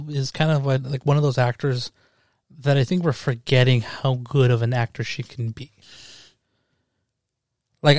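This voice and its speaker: A young man co-hosting a casual film review podcast, animated and profane, often acting out quotes from scenes. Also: medium pitch, no room sound, clean studio sound. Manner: animated, swears a lot, acts out quotes. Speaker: podcast co-host.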